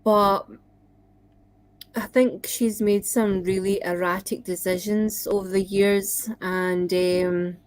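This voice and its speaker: A woman's voice: medium pitch, level tone, slow pace. A woman co-hosting a live stream, chatting plainly and a little hesitantly. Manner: plain, offhand, hesitant with ums. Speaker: podcast co-host. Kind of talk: casual chat on a live stream.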